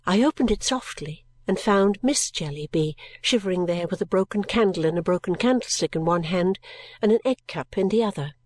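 A woman narrating a classic novel aloud in a gentle, measured storytelling manner. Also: lowish voice, dry recording. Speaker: audiobook narrator.

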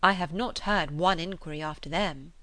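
A woman reading the part of a clever young woman who speaks briskly and teasingly. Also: lowish voice, pushed and bright, no echo. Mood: playful brisk. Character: lively clever young woman, playful and managing.

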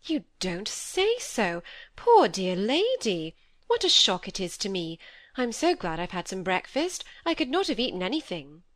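A woman's voice: very animated, a little slow, fairly bright tone, no room sound, clean studio sound. A woman reading aloud, voicing a fussy, effusive middle-aged stepmother in a storybook. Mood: flustered. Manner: effusive, affected, high-strung.

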